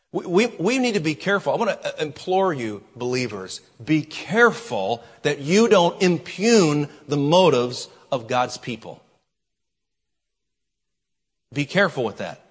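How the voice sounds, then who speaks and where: A man preaching a sermon as pastor, with dramatic pauses and shifting volume. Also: a little high, a bit bright, husky. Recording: long hall reverb.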